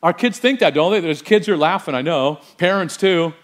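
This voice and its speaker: Man pastor, middle-aged, high-pitched, animated sermon delivery. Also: brisk. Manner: animated, quizzes the congregation with rhetorical questions.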